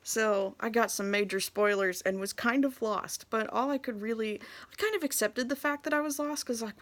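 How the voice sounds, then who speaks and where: A young adult woman telling a casual story about her gaming memories, laughing often and moving between hushed asides and excited bursts. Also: a little high, normal speed, few pauses. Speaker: video host.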